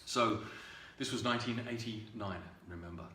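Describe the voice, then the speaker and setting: A man, a singer-songwriter, telling a halting, unhurried story full of ums and uhs before a song at a livestreamed home concert. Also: lowish voice, sharp tone, echoey room, far from the mic, a little hiss or hum.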